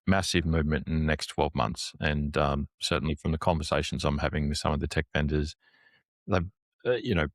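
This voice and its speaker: A man's voice: a bass voice, steady tone, a little fast, no room sound, clean studio sound. A man who is a guest on a business chat, laying out his points analytically in long lists that build up.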